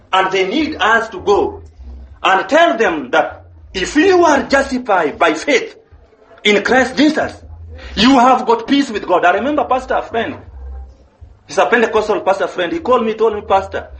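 A man preaches with a high, lively voice that leaps up and down through each line. He leans hard on the words he repeats. The sound rings in an echoey room. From Kenya. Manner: emphatic preaching, repeats key phrases. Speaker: pastor. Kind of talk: sermon.

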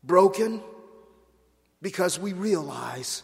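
A man's voice: sits high, measured pace. A man preaching a sermon with rising passion, restarting and repeating phrases as he builds toward emotional peaks. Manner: impassioned, builds to near-shouting peaks. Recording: long hall reverb.

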